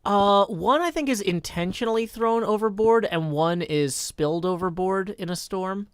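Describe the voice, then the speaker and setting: A man's voice: high-pitched, moderate pace, smooth, dry recording. Dry, wry man chatting while gaming. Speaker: streamer and host. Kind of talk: casual chat while gaming.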